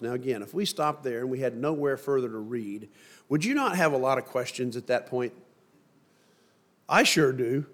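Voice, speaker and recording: A middle-aged man preaching a sermon and reading scripture in a measured, emphatic way. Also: medium pitch. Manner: measured, emphatic delivery with slow stressed phrases.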